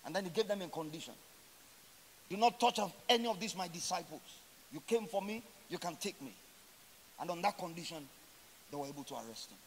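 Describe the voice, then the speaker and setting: A man preaching a sermon as a pastor, swinging from loud emphatic lines to quiet, drawn-out endings and slowly stressing scripture quotes. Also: high-pitched, expressive, a little hiss or hum. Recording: long hall reverb.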